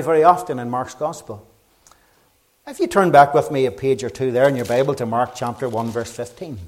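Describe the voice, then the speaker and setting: A middle-aged man with a Northern Irish accent preaching a gospel sermon, fervent and urgent, rising loud then dropping low. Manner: fervent, urgent preaching with rises and quiet drops.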